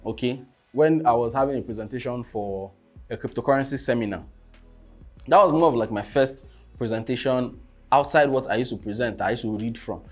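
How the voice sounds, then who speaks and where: A young man gives casual coaching on presentations, repeatedly asking "you understand?" and erupting in sudden loud bursts. His mid-range voice moves briskly over soft background music.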